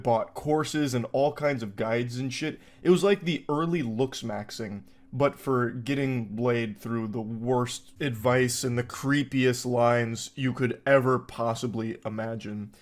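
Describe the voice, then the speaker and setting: A man's voice: mid-range voice, measured pace, few pauses. A young man giving casual commentary as he reads online posts aloud, with wry, incredulous and mocking asides.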